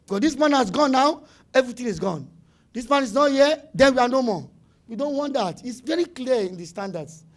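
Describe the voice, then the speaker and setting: A middle-aged man with a Nigerian accent giving an animated conference talk to business owners, emphatic and repetitive, slipping into pidgin phrases. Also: very high-pitched, brisk. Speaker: summit speaker.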